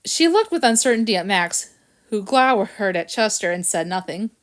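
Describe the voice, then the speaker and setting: A woman's voice: medium pitch, big pitch swings, normal speed. A woman reading a children's storybook aloud, narrating expressively and doing the characters' voices. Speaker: audiobook reader.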